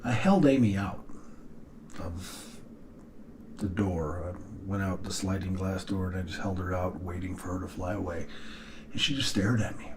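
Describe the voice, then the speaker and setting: A middle-aged man speaking earnestly and haltingly to his daughters in a personal video message, pausing often and sighing. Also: sits low, noisy background. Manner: earnest, halting, with long pauses and sighs. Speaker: father addressing his daughters.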